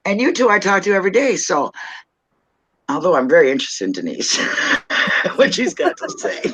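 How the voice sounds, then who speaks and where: A woman hosting a live video chat, joking loudly and laughing often. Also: fairly low pitch, wildly swooping pitch, normal speed, slight background noise, rough recording. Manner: loud, playful, laughs a lot, clowning. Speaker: live stream host.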